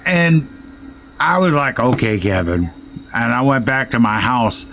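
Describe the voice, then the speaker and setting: A man's voice: medium pitch, sing-song, measured pace, creaky, a bit bright. A man telling a rambling, profane story while playing a game. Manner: profane, rambling anecdote with quoted threats. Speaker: gaming streamer. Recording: faint music underneath.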